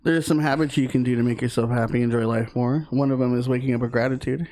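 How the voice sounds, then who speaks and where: A man's voice: mid-range voice, fairly even intonation, fast talker, dark tone, low-quality recording. A man co-hosting a podcast in casual chat, teasing his friend and laughing often while going through a list. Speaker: podcast co-host.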